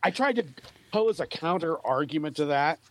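A man's voice: a little high, expressive, normal speed. A man in a casual political chat, telling opinionated stories with emphasis.

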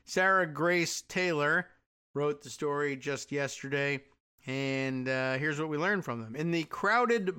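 A man's voice: a little high, bright, forceful tone, clean tone. A man hosting a radio show, giving a sardonic political commentary monologue full of rambling asides.

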